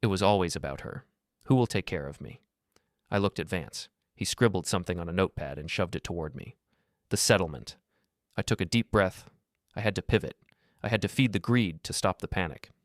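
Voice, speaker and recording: A man narrating a first-person story in a steady, measured reading voice. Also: low-pitched, dry recording, studio quality.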